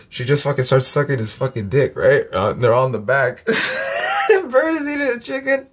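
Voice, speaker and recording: A man's voice: mid-range voice, breathy edge. A man hosting a reaction video, talking in a rambling, profane way with lots of fillers and "you know what I mean". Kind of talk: rambling casual monologue.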